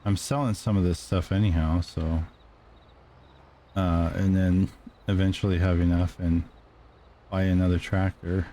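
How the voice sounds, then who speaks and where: A man's voice: low-pitched, level tone, a little slow, pauses often, mellow, a little hiss or hum. A man streaming a farming game, talking casually with many ums and uhs as he plays. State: clearing throat, dusty room. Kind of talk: casual gameplay commentary.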